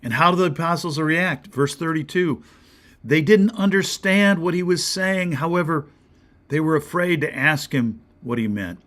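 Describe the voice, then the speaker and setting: A man with an American accent, a pastor giving a short devotional sermon, earnest and questioning, sometimes dropping to a soft whisper. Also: on the high side, lively intonation, normal speed.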